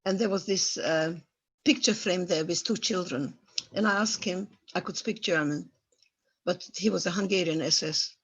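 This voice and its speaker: Elderly woman from former Yugoslavia, husky. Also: on the low side, normal speed, a bit bright. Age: 80s. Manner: emotional, vivid storytelling with searching, non-native phrasing. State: stirred up by memories. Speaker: Holocaust survivor guest speaker. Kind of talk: personal testimony at an online talk.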